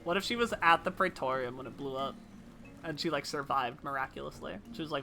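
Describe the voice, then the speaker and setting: Bright-voiced playful woman streamer. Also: sits low, a little fast. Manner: playful, self-mocking, talks to chat. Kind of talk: casual live-stream chat.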